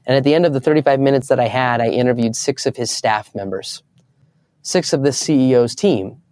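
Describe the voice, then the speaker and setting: A man's voice: medium pitch, fairly quick, a little mellow, dry recording. A young adult man, a guest in an interview, telling stories earnestly and acting out the voices of people he quotes. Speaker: guest speaker. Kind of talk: storytelling in an interview.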